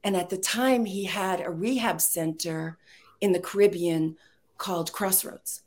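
Animated middle-aged American woman. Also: on the low side, a little slow. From Texas. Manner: animated storyteller, laughs often. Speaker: guest, playwright and screenwriter. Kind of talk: casual podcast chat.

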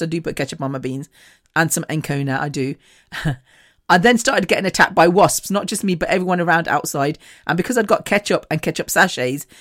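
A woman hosting a podcast, candidly telling a personal story in a chatty way, swearing freely and laughing often. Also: on the low side. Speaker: podcast host.

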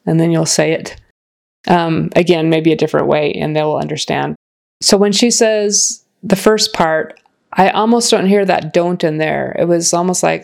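Lady tutor, lowish voice, slow and patient, says phrases over and over. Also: fairly even intonation, vocal fry, darkish tone. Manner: patient, explains slowly, models phrases aloud. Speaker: accent and grammar coach. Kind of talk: reviewing a student's recording.

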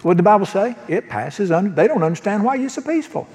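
Male pastor, folksy joking sermon delivery, slightly high pitch, reverberant sanctuary. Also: big pitch swings, quick pace, a little mellow. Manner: folksy, joking preacher who asks the congregation questions. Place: church sanctuary.

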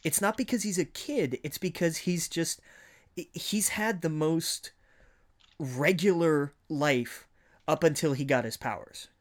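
A man's voice: on the high side, unhurried. A man co-hosting a podcast, explaining his views thoughtfully in casual chat. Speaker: podcast co-host.

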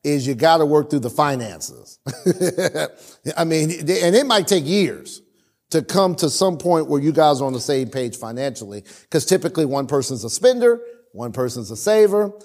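Animated preacher man. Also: on the high side, normal speed. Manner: animated storytelling with acted-out quotes; calls for responses from the congregation. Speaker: pastor. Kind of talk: sermon.

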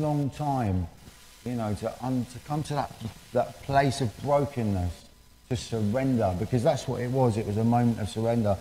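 Man, mid-pitched and mellow, candid church testimony, long hall reverb. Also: a little hiss or hum. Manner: candid, halting, many fillers. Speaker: speaker giving a testimony.

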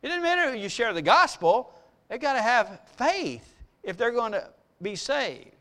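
A man giving devotional Bible teaching, asking the listeners questions, answering them himself, and slowing down to read verses with emphasis. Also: extremely high pitch, very animated, sharp tone. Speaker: preacher.

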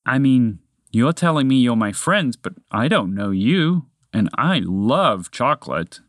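A man voicing a gentle, forgetful male moose in a read-aloud story, speaking slow and dreamy. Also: mid-range voice, very animated, no room sound, studio quality.

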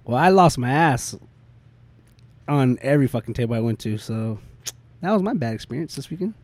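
A man's voice: mid-range voice, animated, brisk, a little mellow. A man co-hosting a casual chat, rambling with lots of filler words and swearing. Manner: rambling, profane, full of "I mean" and "like".

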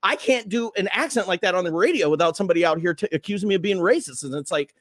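A man's voice: sits high, fast talker. A man who hosts morning radio, chatting loosely and rambling as he tells stories on a podcast. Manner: loose, rambling, animated storytelling. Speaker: morning radio host, guest. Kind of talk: casual podcast chat.

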